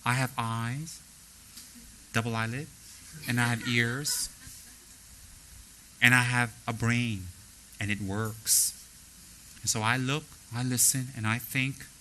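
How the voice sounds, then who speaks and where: A man teaching as a spiritual teacher, blunt and straightforward, animated as he acts out the people he talks about. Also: mid-range voice, slow pace, long pauses, slight background noise, rough recording. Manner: animated, mimics people in quoted asides. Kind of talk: dharma talk.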